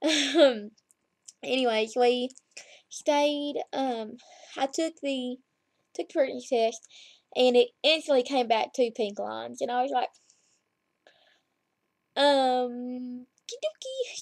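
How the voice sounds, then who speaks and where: A woman's voice: on the high side, a little mellow, no echo. A woman, chatting and rambling through a story as she vlogs from home on her laptop camera. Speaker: vlogger. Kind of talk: casual chat to camera. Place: at home, lying down. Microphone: laptop webcam.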